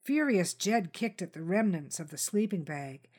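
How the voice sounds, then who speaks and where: Female audiobook narrator, steady dramatic delivery, gritty thriller read. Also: lowish voice, normal speed, slightly rough. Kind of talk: scripted narration.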